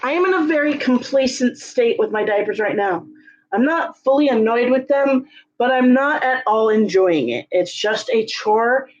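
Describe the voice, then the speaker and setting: A woman's voice: lively intonation, normal speed, highs cut off. Sick-sounding woman rambling in a vlog. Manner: rambling, many fillers, coaxes cat in high sing-song calls. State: sick, voice strained. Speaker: vlogger. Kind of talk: casual vlog chat. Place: home closet, indoors.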